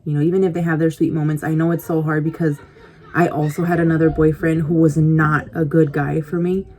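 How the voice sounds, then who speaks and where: A woman's voice: low voice, flat delivery, fairly quick, dark tone. A woman vlogger telling a casual story to the camera, rambling and chatty, full of "like" and "you know," confiding in her viewers as she snacks. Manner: confiding, speaks directly to viewers. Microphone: compact camera mic.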